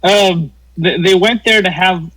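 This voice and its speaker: A man co-hosting a casual tabletop gaming podcast, talking haltingly with many fillers and casual swearing. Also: high voice, fairly bright tone, poor audio. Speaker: podcast co-host. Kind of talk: casual chat among friends.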